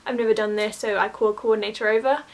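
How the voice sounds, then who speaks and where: A young woman vlogger who used to be a theme park cast member tells work stories in a casual storytime. Her medium-pitched voice is steady and fast, and she sounds chatty and exasperated, saying "like" a lot.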